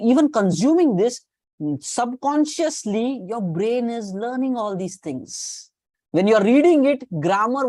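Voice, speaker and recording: A woman's voice: medium pitch, a little mellow, no room sound. A woman with an Indian accent teaching an online class on communication skills, coaching her students, repeating key points and mixing Hindi phrases into her English.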